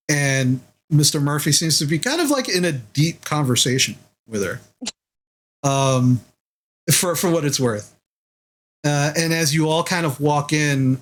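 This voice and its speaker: A man's voice: medium pitch, low-quality recording. A man narrating as game master of a tabletop role-playing game, talking in a loose, rambling way full of fillers.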